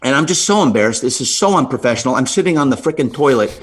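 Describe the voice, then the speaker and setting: Husky-voiced man telling a lively story. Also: quick pace. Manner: lively storyteller, swings his pitch for emphasis, checks in with "right?". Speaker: podcast guest. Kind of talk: storytelling in a podcast interview.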